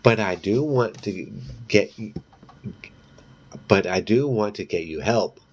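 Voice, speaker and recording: A man reading aloud, voicing a flustered, worried teenage boy who urges his girlfriend to calm down. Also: lowish voice, slow, dull audio. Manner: anxious, urging.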